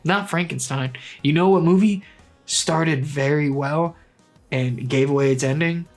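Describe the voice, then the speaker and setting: A man's voice: fairly high pitch, measured pace, soft background music. Blunt, sweary young man ranking movies. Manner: blunt, sweary, rambling, animated asides. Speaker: movie vlogger. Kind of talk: casual opinionated commentary.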